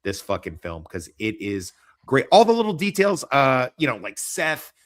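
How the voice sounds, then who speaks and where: A man's voice: medium pitch, huge pitch swings, moderate pace. A man hosting a casual livestream chat, rambling and joking with lots of swearing. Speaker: podcast host.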